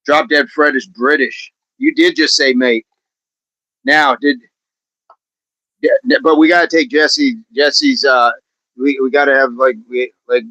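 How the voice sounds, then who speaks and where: A man's voice: medium pitch, fairly even intonation, moderate pace, pushed and bright, no room sound, muffled recording. A man hosting a casual fitness livestream, chatting with viewers in a rambling way and laughing often.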